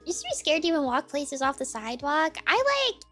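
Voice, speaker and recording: A young woman chatting on a live stream in a very high, chirpy voice. She rambles casually, full of "like" and "dude", with faint music playing underneath. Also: quick pace, a bit bright. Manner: chirpy, greets viewers one by one in a sing-song lilt.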